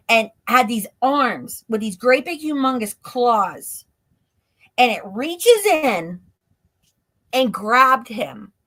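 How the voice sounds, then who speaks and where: Recorded through a stream call mic, a woman with a fairly high, slightly bright voice is a guest on a live stream. She tells an interview story in a breathless, run-on style that leans heavily on "like".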